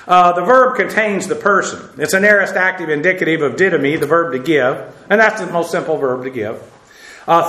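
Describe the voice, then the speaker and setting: A man with a high, bright voice teaches scripture verse by verse, explaining the Greek grammar of each phrase and spelling terms out letter by letter. He talks with many "uh" fillers and throws in self-deprecating asides. The sound carries a roomy echo. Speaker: Bible teacher.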